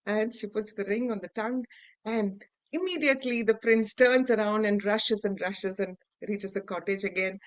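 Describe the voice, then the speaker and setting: A woman with an Indian English accent telling a fairy tale aloud to adults, acting out the characters' lines with lively shifts in pitch and loudness. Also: no echo, poor audio. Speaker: storyteller. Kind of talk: oral fairy-tale storytelling.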